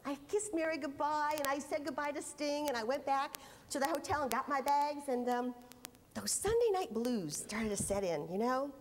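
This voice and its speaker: A woman giving a storytelling keynote talk to a conference audience, theatrical and animated, swinging from loud exclamations to hushed asides. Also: sits high, normal speed, in a large hall, a little hiss or hum, rough recording. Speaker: keynote speaker. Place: conference hall before an audience.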